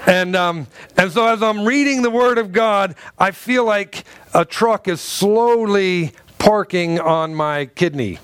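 A man's voice: high-pitched, takes it slowly, hardly any pauses, smooth, no echo. A man preaching to a congregation, telling a funny personal story with lots of restarts and acted-out groans. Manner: animated storyteller, acts out groans and quotes, many restarts. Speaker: pastor. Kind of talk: sermon with humorous personal story. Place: church sanctuary before a live congregation.

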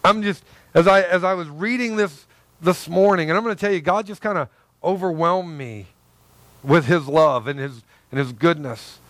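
Earnest high-voiced male preacher. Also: moderate pace, a bit bright, no room sound. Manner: earnest, conversational preaching with emphatic repetition. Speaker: pastor. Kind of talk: sermon.

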